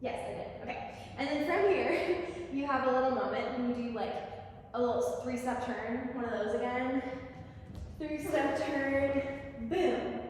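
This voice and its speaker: A woman's voice: sits high, unhurried, slight background noise. A young woman teaching a dance combination in a studio, chatting, counting steps and singing lyrics along. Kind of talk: casual dance instruction. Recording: echoey studio, voice from far off.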